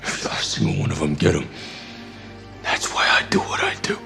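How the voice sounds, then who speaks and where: An actor playing a gruff, grieving male vigilante in a TV drama, gravelly and swearing. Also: rumbling low, huge pitch swings, fairly quick, echoey room, over music, exaggerated voice. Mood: grim. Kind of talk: TV drama acting.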